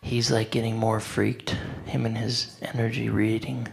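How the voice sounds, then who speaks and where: A man with a gravelly, creaky voice tells a story in a loose, conversational way. He is animated, acting out what others said with filler words in between. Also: fairly low pitch, measured pace. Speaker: devotee speaker. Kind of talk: anecdotal storytelling talk.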